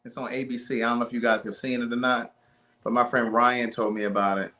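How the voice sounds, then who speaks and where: Bright-voiced man hosting a live stream. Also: mid-range voice, little pitch movement, fast talker. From Maryland. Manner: chatty, reads viewer names aloud. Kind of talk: casual chat.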